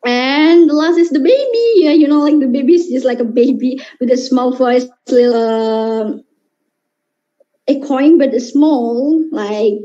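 Slow, halting, high-voiced woman. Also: muffled recording. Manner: halting, searching for words; soft-spoken and shy. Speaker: voice dubber showing her characters.

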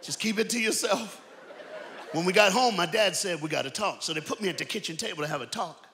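A man preaching an energetic sermon to a church crowd, calling out to them. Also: high voice, a little fast. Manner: animated, shouting preaching with crowd call-outs. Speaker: guest preacher. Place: large church auditorium. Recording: long hall reverb.

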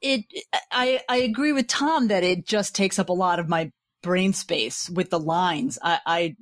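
A woman in a casual podcast discussion, talking enthusiastically and laughing easily, with halting restarts. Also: lowish voice, no room sound, studio quality. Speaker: podcast guest.

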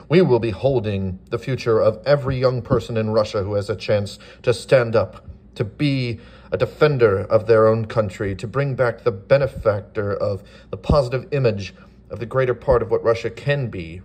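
A man's voice: fairly low pitch, a little mellow. A man from the United States giving impassioned political commentary as an online commentator, earnest and rousing, piling up repeated phrases.

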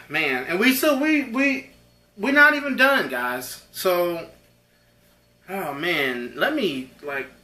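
Brief: male unboxing host, high bright voice, excitable and rambling. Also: reverberant. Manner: excitable, rambling, talks to viewers as guys. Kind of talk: casual unboxing chat.

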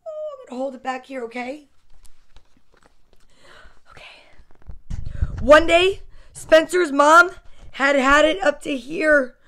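A woman reading a children's picture book aloud to kids, with playful, expressive asides. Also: high-pitched, slow, pauses often. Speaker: story time reader.

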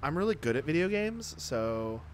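A man's voice: on the high side, sing-song, moderate pace, slight background noise. Joking male streamer close on the mic. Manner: joking, mock-boastful. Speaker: streamer playing the game. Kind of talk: casual gameplay chat.

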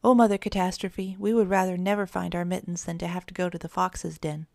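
A woman's voice: fairly low pitch, flat delivery, a little fast, gravelly, darkish tone, no room sound, studio quality. A woman voicing two timid little kittens who whine in fear. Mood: whiny. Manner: whiny and frightened.

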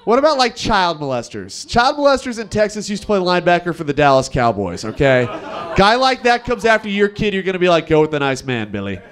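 High-voiced young stand-up comedian. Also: male voice, a little fast, crowd noise. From Nevada. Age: 20s. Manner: wry, self-deprecating, animated impressions of locals. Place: comedy club stage.

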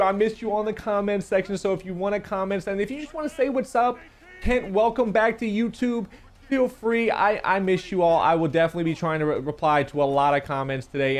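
A man giving casual video game commentary, rambling and chatty, often stumbling and repeating his words. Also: sits high. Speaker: gaming YouTuber. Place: home recording setup.

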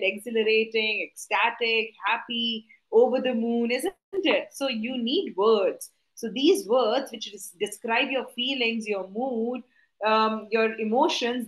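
A woman's voice: a little high, fairly bright tone, echoey room, low-quality recording. A woman teaching a live online class, coaxing answers with repeated questions and tag questions.

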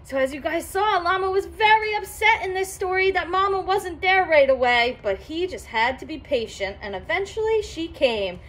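A woman's voice: extremely high pitch, lively intonation, moderate pace, hardly any pauses, fairly bright tone. A woman reading a children's picture book aloud in a sing-song, teacherly way, stopping to explain words to young listeners. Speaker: storybook reader for children.

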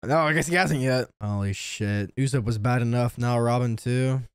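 A young man reacting to an anime, excitable and profane, with lots of slang. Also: mid-range voice, moderate pace, slight background noise. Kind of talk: casual reaction commentary.

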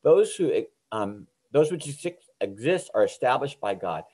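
A man's voice: mid-range voice, big pitch swings, moderate pace, a little mellow, breathy edge. A middle-aged man giving an informal, earnest Bible lesson to teenagers, often checking in with "okay?" and restarting his phrases. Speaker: youth ministry teacher. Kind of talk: recorded Bible lesson for teens.

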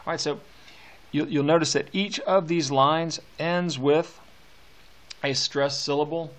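A man teaching a poetry lesson, talking in a halting way with many fillers and restarts. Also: on the high side, steady tone. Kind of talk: poetry lecture.

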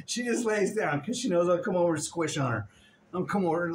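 A man's voice: high voice, expressive, a little fast, a little hiss or hum. Doting man cooing at his dog. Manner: doting, affectionate baby talk with frequent laughter. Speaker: dog owner filming his dog. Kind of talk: casual vlog, talking to his dog.

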